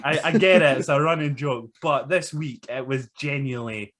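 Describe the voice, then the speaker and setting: A man's voice: mid-range voice, moderate pace, fairly bright tone. A man co-hosting a casual podcast chat, blunt and sweary, laughing often. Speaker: podcast co-host.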